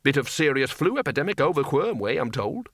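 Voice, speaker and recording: A man's voice: medium pitch, big pitch swings, fairly quick, fairly bright tone, dry recording, clean studio sound. A man voicing a blunt, matter-of-fact wizard dean.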